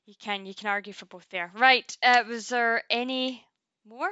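A woman's voice: a little high, fairly even intonation, normal speed, bright, forceful tone, clean tone, lo-fi sound. A woman co-hosting a podcast in casual chat, laughing often and swearing casually as she acts out characters. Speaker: podcast co-host.

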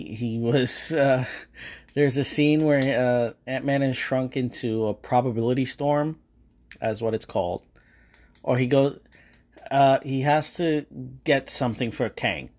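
Give me a male podcast host giving a slow, profane, hesitant movie review at a mid pitch. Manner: rambling, profane, hesitant with many fillers.

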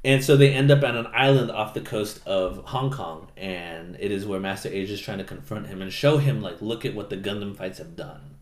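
A man's voice: lowish voice, fairly quick, hardly any pauses. Casual man recapping a show in a roomy room. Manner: animated retelling, acts out characters in silly voices, swears casually. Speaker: podcast co-host recapping an anime. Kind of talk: casual chat. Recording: roomy echo.

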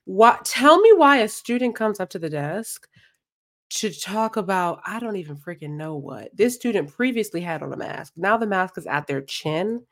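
Animated woman telling a story. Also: mid-range voice, moderate pace. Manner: animated storytelling with voiced-out quotes. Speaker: podcast co-host. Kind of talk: casual chat.

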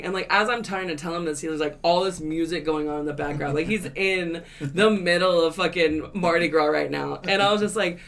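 A man's voice: sits high, lively intonation, fast, fairly bright tone. A man in a casual podcast chat, swearing freely and laughing as he retells his collections calls. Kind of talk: casual storytelling.

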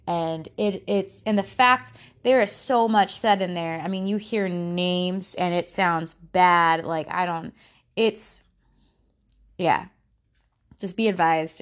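A woman hosting a true-crime podcast, talking casually in a halting way with frequent restarts and fillers. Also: lowish voice. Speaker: podcast host.

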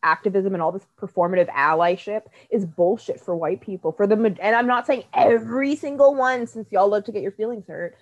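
A woman's voice: medium pitch, brisk, hardly any pauses, muffled recording. A woman co-hosting a podcast, ranting bluntly and sarcastically in casual, profane chat. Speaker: podcast co-host.

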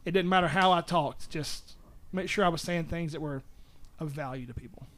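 A man's voice: fairly high pitch, a little fast, noisy background. A young man with a Southern US accent, a musician guest telling rambling, self-correcting stories in casual interview chat. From Southern United States.

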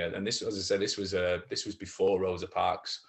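A man, an actor chatting casually as a guest, full of restarts that build into emphatic advice. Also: deep voice. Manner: halting, many restarts, gets emphatic giving advice. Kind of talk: casual chat.

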